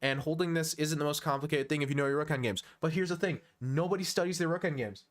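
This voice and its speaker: High-pitched and fast, a twenty-one-year-old man with an American accent, from the United States, analyses chess on a stream. He chats casually, teasing viewers in jokey banter and chuckling frequently.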